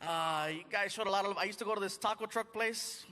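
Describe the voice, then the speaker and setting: High-voiced man doing stand-up. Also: fast, big-room sound. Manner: chatty, animated storytelling to the crowd. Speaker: stand-up comedian. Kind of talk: stand-up comedy set. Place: theater stage before a live audience. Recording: live audience noise and crowd.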